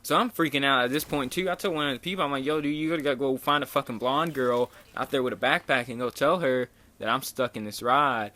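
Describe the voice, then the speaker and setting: A man's voice: medium pitch, fairly quick, few pauses, bright, forceful tone. A young man casually telling a rambling, profane story over gameplay footage, full of fillers. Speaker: gaming vlogger.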